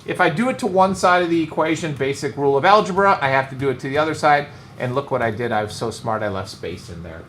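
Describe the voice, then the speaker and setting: A man's voice: mid-range voice, expressive, quick pace, hardly any pauses, fairly bright tone. Joking male math teacher in echoey classroom. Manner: joking, teasing students. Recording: echoey classroom, some noise.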